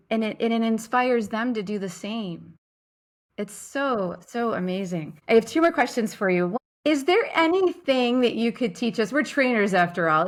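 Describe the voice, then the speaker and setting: Upbeat woman podcast host, gushing and emphatic, chatting over a video call. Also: medium pitch. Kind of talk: enthusiastic interview chat.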